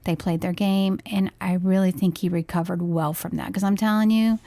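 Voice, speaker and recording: A woman's voice: lowish voice, fairly even intonation, moderate pace, no echo. A woman co-hosting a podcast as a parent, talking in a casual, earnest way and retelling events in detail. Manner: earnest, detailed retelling with soft quoted dialogue. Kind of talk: casual storytelling chat.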